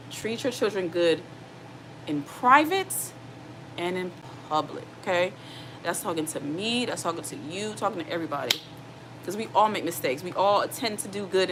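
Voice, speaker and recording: A woman in her thirties with a fairly low voice speaks earnestly and directly to her viewers, giving casual advice. Clear background noise sits under her voice throughout. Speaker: single mom vlogger.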